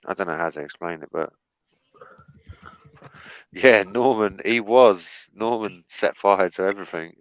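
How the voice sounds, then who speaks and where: Low-ish english guy bantering on a call, bouncy pitch, muffled lo-fi sound. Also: measured pace, long pauses, clean tone, no room sound. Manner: joking, swears, often laughs. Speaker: regular on a group voice chat. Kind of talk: casual banter.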